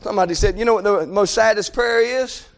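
High-voiced fervent preacher man. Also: fast. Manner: fervent, breaks into shouts, swings between loud and hushed. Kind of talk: revival sermon.

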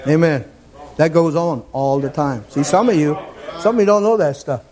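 A man preaching a fervent sermon in a church, sometimes rising to shouts. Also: a little high, expressive, normal speed.

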